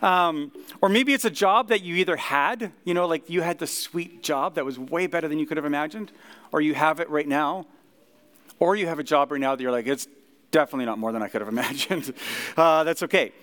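Pastor, male, easygoing talky delivery, slightly higher voice, loose with ums and likes. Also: fairly quick, clear, resonant tone. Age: 30s or older. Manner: relaxed, chatty, many fillers. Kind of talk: casual conversational sermon. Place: church service.

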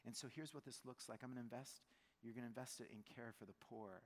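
A male pastor preaching a sermon in a conversational, animated way, acting out quotes. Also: medium pitch, fast. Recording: long church hall reverb.

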